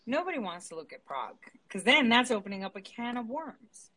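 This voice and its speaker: A woman's voice: on the high side, sing-song, fairly quick, crowd noise, poor audio. A woman co-hosting a casual political chat, indignant and profane. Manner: indignant, profane, laughs easily. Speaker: podcast co-host.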